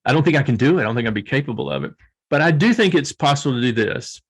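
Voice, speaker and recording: A man's voice: medium pitch, lively intonation, very fast, breathy edge. Earnest older man telling his story. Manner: earnest, storytelling, laughs often. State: tearful. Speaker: guest author. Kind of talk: emotional reflective interview talk.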